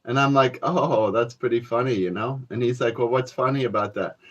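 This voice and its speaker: A rambling man from Canada talks straight to his viewers, swearing freely and calling them folks between his fillers. His voice sits at an ordinary pitch, and the recording sounds dull and lo-fi. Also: a little fast. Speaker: vlogger. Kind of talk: rambling casual monologue to viewers.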